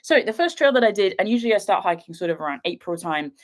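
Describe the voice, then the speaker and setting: A young British woman chats on a casual livestream from home, giggling often and wandering from one thought to the next. Her pitch sits in the middle of the range, and her talk is loose, excitable and full of little laughs. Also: fast talker. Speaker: wildlife filmmaker and vlogger.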